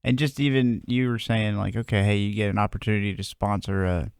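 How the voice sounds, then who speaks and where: Low-voiced man, halting and casual. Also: steady tone, clean tone, dry recording, clean studio sound. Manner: halting, lots of filler phrases. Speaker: podcast guest, golf instructor. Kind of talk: casual business chat.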